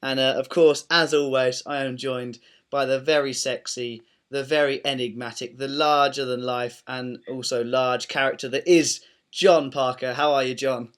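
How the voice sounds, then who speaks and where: A man's voice: mid-range voice, fairly even intonation, normal speed, clean tone. A British man hosting a podcast, joking, teasing and rambling as he introduces a guest and asks questions. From Britain. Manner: jokey, teasing, rambling with restarts. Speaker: podcast host. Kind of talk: podcast banter and interviewing.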